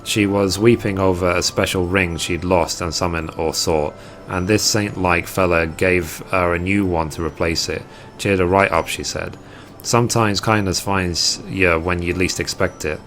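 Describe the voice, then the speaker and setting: A man reading aloud the lines of a gruff, rough-spoken man who hands out quests in a game, in a plain, blunt delivery. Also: deep voice, steady tone, moderate pace, a bit bright, faint music behind.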